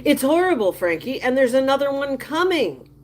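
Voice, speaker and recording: Emphatic gossiping woman livestreamer, highish voice. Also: sing-song, normal speed, a little mellow. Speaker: livestream host. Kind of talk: casual livestream chat reading comments.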